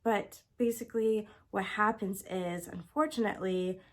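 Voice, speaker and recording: A woman's voice: mid-range voice, moderate pace. A woman vlogger chatting casually and enthusiastically about her favorite books, gushing with lots of exclamations. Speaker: book vlogger. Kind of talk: casual chat. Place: home, indoors with her cat.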